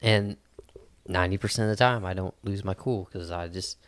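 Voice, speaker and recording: A man's voice: low voice, fairly quick, fairly bright tone. A laid-back young man on a casual podcast who chuckles often and sometimes bursts into mock-tough banter. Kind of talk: casual chat.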